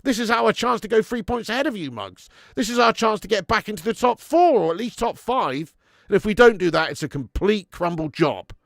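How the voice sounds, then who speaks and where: This football fan channel host, voice sitting high and creaky, talks fairly quickly during a live watch-along. He swears frequently, keeps things animated, and reads viewers' messages aloud. There's no echo, and the sound is studio quality.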